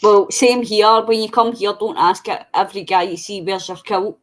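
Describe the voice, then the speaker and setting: A woman's voice: medium pitch, normal speed, rough recording. A Scottish woman hosting a craft stream, chatting in a rambling, self-deprecating way. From Scotland. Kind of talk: casual chat while crafting. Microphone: video call setup.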